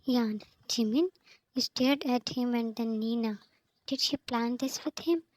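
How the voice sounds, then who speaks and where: Woman slowly reading a fanfic aloud. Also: on the high side, dry recording, poor audio. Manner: flat, even reading, names speakers before lines. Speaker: fanfiction reader.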